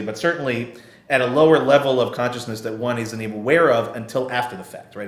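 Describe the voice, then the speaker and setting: A man giving a sermon as a rabbi, explaining a scripture text and often checking in with his listeners with "okay" and "right.". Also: mid-range voice. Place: synagogue sanctuary. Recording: echoey room.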